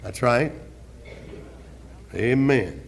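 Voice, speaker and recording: An older man preaching a fervent sermon as pastor in a church, repeating his questions and rising to shouts. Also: mid-range voice, drawn-out words, gravelly, a little hiss or hum. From American South. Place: church sanctuary. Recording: 1971 archival church recording.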